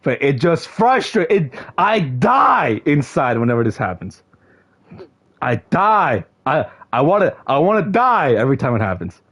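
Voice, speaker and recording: A young man streaming casually to his viewers, excitable, often shouting in mock frustration and peppering his talk with slang. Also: mid-range voice, a little slow, husky. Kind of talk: casual livestream chat to viewers.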